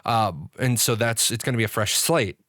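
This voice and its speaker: A man's voice: medium pitch, normal speed, fairly bright tone, no room sound, close to an everyday voice. Wheedling pet shop salesman, played by a man in his own voice, dry close mic. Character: pushy salesman pet store owner.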